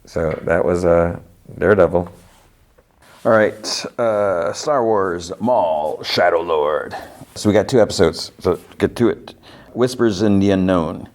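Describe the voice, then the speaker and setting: A man's voice: low-pitched, measured pace. A man hosting a podcast who casually recaps TV episodes, acting out the characters' lines as he goes. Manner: animated retelling, acting out lines. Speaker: podcast host.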